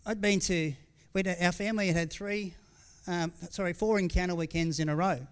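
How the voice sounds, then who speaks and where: Preaching as pastor, a middle-aged man speaks in a high, smooth voice with fairly even intonation and normal speed. He talks openly and informally, frequently starting over or adding asides, and occasionally tears up.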